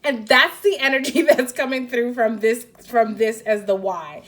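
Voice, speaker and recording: A woman's voice: fairly high pitch, moderate pace. A woman giving a casual intuitive card reading, rambling and tentative, saying "like" often. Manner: rambling, heavy use of "like", tentative. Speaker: tarot card reader.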